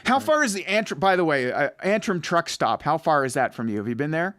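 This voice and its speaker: A man's voice: fairly high pitch, sing-song, a little fast, fairly bright tone, dry recording. A man from the Ottawa Valley with its accent, hosting a show and chatting loosely, swearing and laughing easily. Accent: Ottawa Valley Canadian. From Ottawa Valley, Ontario, Canada. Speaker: podcast host. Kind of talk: casual chat.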